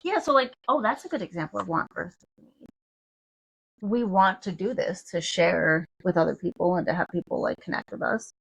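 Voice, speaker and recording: Gravelly husky woman podcaster. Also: on the low side, brisk, poor audio. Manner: chatty, upbeat, says like and you know often. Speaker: podcast co-host. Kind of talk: casual chat.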